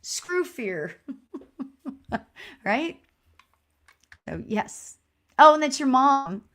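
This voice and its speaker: A woman's voice: high-pitched, very animated, extremely slow. Woman medium doing a live stream reading, super chatty and encouraging, fillers everywhere. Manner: chatty, filler-heavy, repeats "you know"; warm and encouraging toward viewers. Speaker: spiritual medium. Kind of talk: live online psychic reading.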